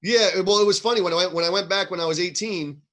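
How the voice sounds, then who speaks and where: A man's voice: sits high, fast talker, fairly bright tone. An easygoing man co-hosting a casual chat, raised in Florida, who laughs often. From Florida, earlier New York. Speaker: co-host.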